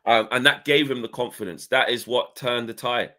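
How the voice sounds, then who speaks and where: A man's voice: mid-range voice, fairly even intonation, normal speed, sharp tone. A man co-hosting a casual football fan podcast, rambling through his points with lots of "you know" asides.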